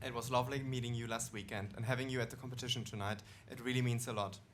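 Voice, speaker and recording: A man from the audience, volunteered on stage, reading a text message aloud in a flat, deadpan way with a strong accent. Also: medium pitch, quick pace. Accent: strong regional accent. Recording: live stand-up room with audible noise.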